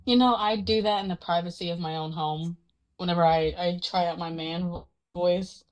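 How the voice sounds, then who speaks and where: A woman on a livestream debate panel, chatting casually in a blunt, animated way. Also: on the low side, moderate pace, rough recording.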